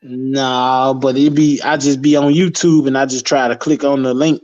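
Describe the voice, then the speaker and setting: A man chatting casually as a guest on a live stream, loose and profane, with animated street talk. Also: medium pitch, normal speed. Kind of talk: casual chat. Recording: dull lo-fi stream audio.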